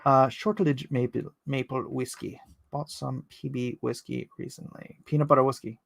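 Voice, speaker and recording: A man's voice: mid-range voice, flat delivery, moderate pace, vocal fry, no room sound. A man chatting casually with his viewers while he inks a drawing live, rambling and joking as he answers the chat. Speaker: artist streaming live while inking.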